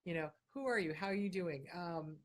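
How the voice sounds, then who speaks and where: A woman's voice: on the low side, brisk. A woman hosting an advice show, answering viewer questions in casual talk, blunt and emphatic, hammering her points home by repeating them.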